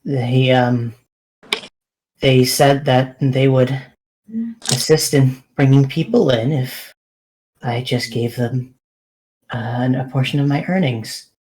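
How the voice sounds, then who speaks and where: A man's voice: medium pitch, steady tone, slow pace, long pauses, darkish tone, slight background noise, natural voice, low-quality recording. A man voicing a nervous, guilty middle-aged woman who stammers and repeats her words. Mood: confessing.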